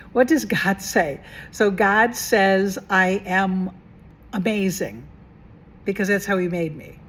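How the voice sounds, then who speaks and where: A woman at a mid-range pitch speaks to camera as a life coach in a casual, spiritual self-help vlog. She is chatty and keeps putting rhetorical questions to the viewer. She repeats her key phrases for emphasis. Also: a little hiss or hum. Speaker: mentor and coach.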